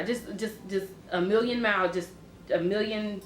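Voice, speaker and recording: A young adult woman talking openly in a personal vlog, rambling and halting with many restarts and fillers. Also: medium pitch, roomy sound, slight background noise. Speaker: vlogger.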